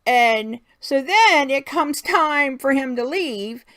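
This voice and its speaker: A woman's voice: sits high, lively intonation, slow, a bit bright, no room sound. A middle-aged woman hosting a craft video, talking in a casual, folksy way and venting with frequent laughs. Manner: talkative, folksy, laughs often while venting. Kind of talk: casual chatty vlog rant.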